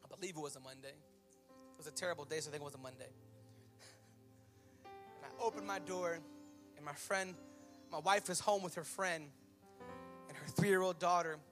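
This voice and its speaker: A male pastor in his thirties preaching a sermon with stories, impassioned and swinging from loud to hushed. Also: fairly high pitch, moderate pace, pauses often, soft background music. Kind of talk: sermon with storytelling.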